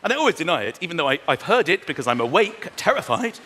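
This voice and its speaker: A man doing a stand-up comedy routine, animated, slipping into other voices and shouting punchlines. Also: a little high, fast, heavy background noise. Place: large venue with a live audience. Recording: echoey live hall with loud crowd laughter.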